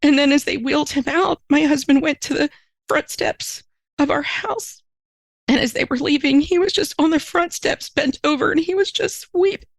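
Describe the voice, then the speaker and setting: A woman's voice: high voice, normal speed, gravelly, no room sound, rough recording. A woman minister, a podcast guest, telling a personal story in an earnest, emotional way, her voice climbing when she is moved.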